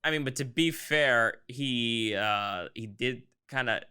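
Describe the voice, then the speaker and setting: A man's voice: medium pitch, slow, pushed and bright, smooth. A man co-hosting a casual movie review chat, rambling and joking, often mock-quoting characters. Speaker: podcast co-host.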